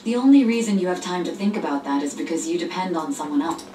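A woman's voice: on the low side, lively intonation, fast talker, far from the mic, natural voice. A woman voicing a cold, cutting older sister. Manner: cutting, dismissive. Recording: roomy game audio, voice set back. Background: game music.

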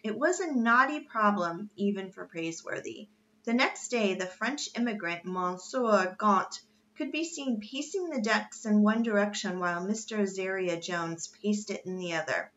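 A woman reading a children's novel aloud in steady narration. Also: medium pitch, moderate pace, lo-fi sound. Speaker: reader. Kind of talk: storybook read-aloud.

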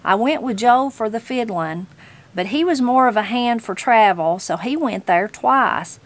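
A woman's voice: a little high, expressive, measured pace. A woman with a Southern Appalachian accent voicing a spry, tart elderly mountain granny, reading aloud from a storybook. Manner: tart, homespun mountain speech.

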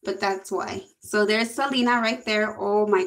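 A woman's voice: mid-range voice, steady tone, moderate pace, background noise. A young woman gushing and giggling through a casual makeup haul video. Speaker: beauty vlogger.

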